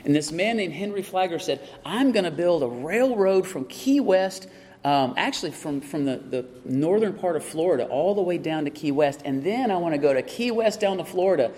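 Male pastor, higher-pitched, emphatic sermon delivery, recorded with long church reverb. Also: lively intonation, a little fast, few pauses, a little mellow. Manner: preaching with rising emphasis and repeated phrases.

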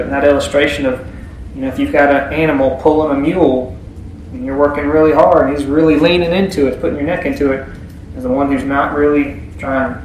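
Folksy preacher in an echoey room. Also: male voice, medium pitch, darkish tone, a little hiss or hum. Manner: folksy, reads scripture aloud then explains. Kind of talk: Bible teaching sermon. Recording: echoey room with faint ambience.

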